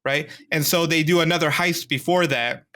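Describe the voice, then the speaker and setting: A man co-hosting a podcast, recapping a series in an animated, excitable way. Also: fairly high pitch, normal speed. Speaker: podcast co-host. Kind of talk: casual show review chat.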